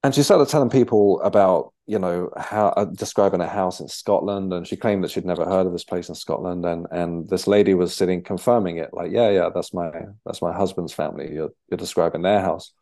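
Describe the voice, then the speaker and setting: A young man, a podcast guest, telling his story in a halting conversational way with many restarts. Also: deep voice, dark tone. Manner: halting, with frequent restarts and fillers.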